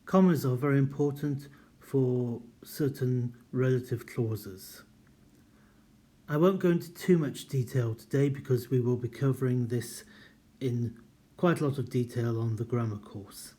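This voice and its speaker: A man teaching an academic writing class, speaking clearly and deliberately and reading example sentences aloud with marked intonation. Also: mid-range voice, warm tone. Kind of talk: recorded lecture.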